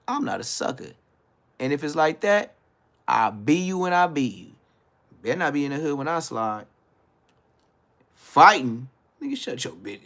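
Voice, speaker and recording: A man hosting a live stream of his own rants casually and bluntly, swearing as he rambles, loses the thread and restarts, veering from low mutters to loud outbursts. His delivery is expressive at a moderate pace.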